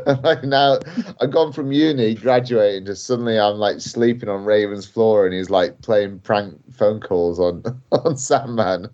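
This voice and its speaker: A man's voice: mid-range voice, a little mellow. A young man, a wrestler, telling a story on a podcast in a rambling way, full of fillers and laughs. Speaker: guest wrestler. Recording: dull lo-fi audio.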